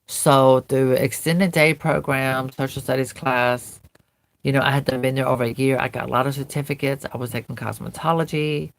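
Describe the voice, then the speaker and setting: A woman's voice: a bass voice, fairly even intonation, normal speed, creaky. A woman vlogger earnestly recounting a painful memory, telling it in vivid present tense. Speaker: doll collector vlogger. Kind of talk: personal storytelling to camera.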